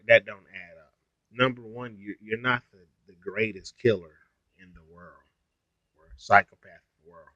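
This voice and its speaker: A man's voice: lowish voice, a bit bright, no echo. A young adult man telling a story on his vlog in a blunt, heavily profane, ranting way. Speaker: YouTuber. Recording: dull lo-fi sound, dry.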